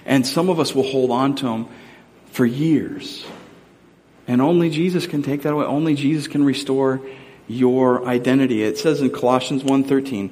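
A man's voice: mid-range voice, steady tone, normal speed, a little mellow. Man preaching in a reverberant hall. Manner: conversational preaching with personal stories. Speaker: pastor. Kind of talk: sermon.

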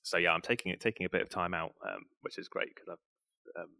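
A young man with a very deep, gravelly voice co-hosts a relaxed gaming chat. He talks in a hesitant, easygoing way, with lots of ums, and his tone has a bright edge. He is recording from an empty workplace that is being redecorated. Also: fairly quick, no echo, clean studio sound. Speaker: podcast co-host. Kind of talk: casual podcast chat.

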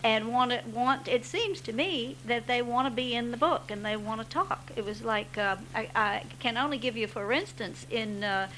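A woman's voice: on the high side, normal speed, hardly any pauses, bright, forceful tone, a little hiss or hum, rough recording. A woman novelist answering on a panel, hesitant with fillers but enthusiastic.

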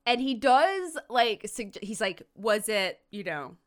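This woman's voice sits on the high side and she takes her time as she chats through a TV episode on her podcast. As co-host, she narrates animatedly and acts out the quotes.

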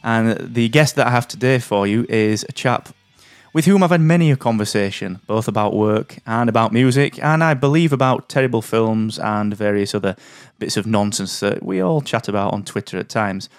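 An upbeat man opens his business podcast and welcomes a friend as his guest in a chummy, brisk way. He sounds close to the mic, with a dry, clean sound and no room echo. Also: on the low side. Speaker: podcast host. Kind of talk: podcast interview hosting.

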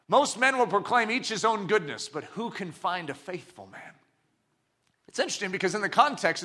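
A man's voice: high voice, bright, forceful tone. A man preaching a sermon, emphatic and full of rhetorical questions.

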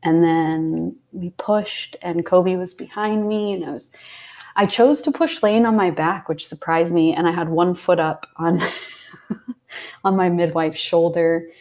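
Gravelly, lower-voiced woman telling her story. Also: unhurried. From Pennsylvania, USA. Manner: heartfelt, drops to soft whispers when recalling intense moments. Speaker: podcast guest. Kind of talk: casual storytelling.

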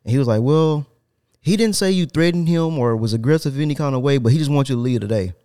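A man hosting a casual podcast, telling an animated, profane story with laughter. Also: medium pitch, fast talker, clear, resonant tone. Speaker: podcast host.

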